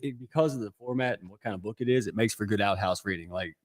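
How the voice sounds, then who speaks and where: A man's voice: lowish voice, fast. A man joining a casual panel chat as a guest, telling jokes and stories at his own expense. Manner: joking, self-mocking storyteller.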